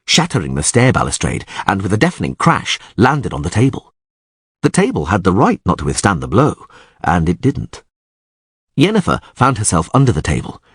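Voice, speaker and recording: A man narrating an audiobook in a dramatic, highly expressive way. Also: moderate pace, husky, no room sound, clean studio sound.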